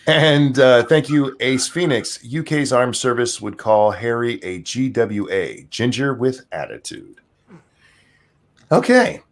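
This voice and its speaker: A man's voice: medium pitch, slow. A man hosting a podcast, reading viewer messages and steering the chat with jokes. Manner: joking, reads viewer messages aloud. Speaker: podcast host.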